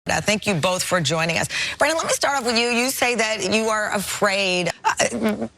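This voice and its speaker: A woman hosting a live daytime talk show in a TV studio, energetic, conversational and sincere as she welcomes viewers and questions her guests. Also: mid-range voice, normal speed, creaky, a little hiss or hum.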